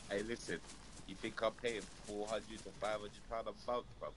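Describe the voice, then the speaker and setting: A man, chatting casually on a live stream in slang and with swearing, coughing and feeling rough. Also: on the low side, flat delivery, normal speed. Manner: slangy, swearing, says bro a lot. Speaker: fellow streamer.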